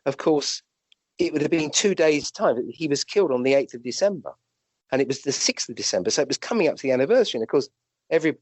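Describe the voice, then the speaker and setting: Animated British doctor telling stories. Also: male voice, mid-range voice, no room sound. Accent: British English. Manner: animated, rambling anecdotes with restarts and acted-out quotes. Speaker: guest, physician and medium. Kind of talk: conversational storytelling.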